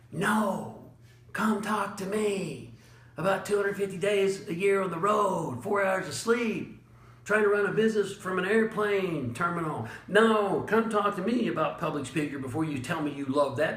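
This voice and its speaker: A man delivers a blunt, animated motivational talk on leadership, leaning into his points with chuckles and dramatic pauses. His voice sits a little high for a man. The recording carries a noticeable roomy echo. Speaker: motivational speaker and leadership coach. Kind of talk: motivational monologue.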